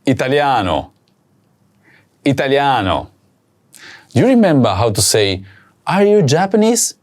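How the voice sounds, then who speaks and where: Slow, careful male language teacher. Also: mid-range voice, huge pitch swings, darkish tone. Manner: slow, careful, repeats each word for practice. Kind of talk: recorded video language lesson.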